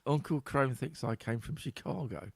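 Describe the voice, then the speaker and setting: A podcast host from Middle England with an East Midlands accent chats casually, laughing often and swearing offhandedly. His mid-range voice moves at normal speed, gravelly with a breathy edge, and there's no room sound.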